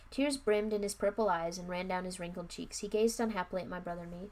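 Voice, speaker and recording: A woman's voice: fairly low pitch, fast talker, hardly any pauses, a little mellow. Young woman reading a book aloud, wry asides. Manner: wry, offhand, chatty asides.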